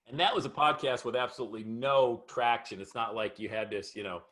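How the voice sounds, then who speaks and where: Male podcast host, bright forceful tone, hyped and emphatic, energetic interview chat. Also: mid-range voice, a little fast.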